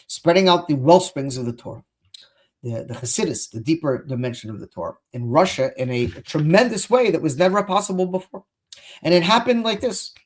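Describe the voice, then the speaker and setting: A man's voice: on the high side, animated, fairly quick. A man teaching Chassidus in English with Hebrew and Yiddish phrases mixed in, speaking with impassioned indignation. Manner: impassioned, rising to near-shouting indignation. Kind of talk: Torah lecture.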